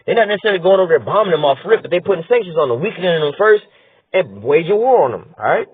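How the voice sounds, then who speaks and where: A man's voice: sits high, animated, very fast, a little hiss or hum. A man giving heated, profane commentary, reading news aloud and asking "all right?" again and again. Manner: blunt, profane, rhetorical, repeats "all right?". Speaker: political commentator. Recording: tinny phone-like dry sound.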